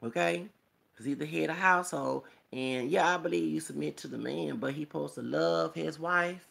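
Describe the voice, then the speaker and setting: A man's voice: fairly high pitch, moderate pace, vocal fry, a bit bright. A man vlogging a rambling, emphatic commentary monologue, preachy and quoting scripture, punctuated with rhetorical "okay?" and "hello!".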